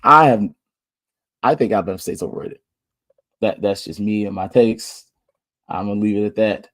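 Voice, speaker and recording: A man's voice: lowish voice, moderate pace, fairly bright tone. Laid-back man talking sports picks. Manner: loose, slangy, thinking aloud. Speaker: podcast host. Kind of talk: casual sports picks chat. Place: Orlando.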